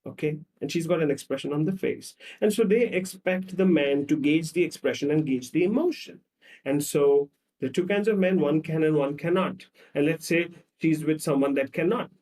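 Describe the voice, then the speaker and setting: A man, a psychologist, explaining with animated storytelling and acting out the voices of people in his examples. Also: fairly high pitch, moderate pace, far from the mic. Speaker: psychologist guest.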